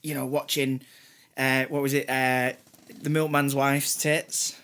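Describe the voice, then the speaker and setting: A man's voice: medium pitch, level tone, slow pace, fairly bright tone, slight background noise. A man from Britain hosting a casual chat, talking in a loose, chatty way with many fillers and restarts.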